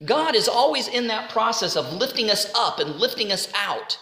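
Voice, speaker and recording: Woman Bible teacher, earnest and chatty, bright tone, echoey room. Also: mid-range voice, big pitch swings, moderate pace. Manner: earnest, conversational, pleading at times.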